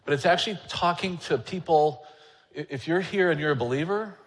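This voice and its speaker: In a church sanctuary with a long reverb tail, a male elder preaches a sermon in a slightly high voice at a brisk pace. He talks candidly and conversationally, with a self-deprecating manner.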